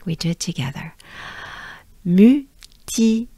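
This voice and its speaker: Slow, patient French woman teaching. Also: mid-range voice, lively intonation, darkish tone, no room sound, studio quality. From France. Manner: repeats words slowly and patiently, laughs lightly. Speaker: pronunciation teacher. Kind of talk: slow pronunciation lesson.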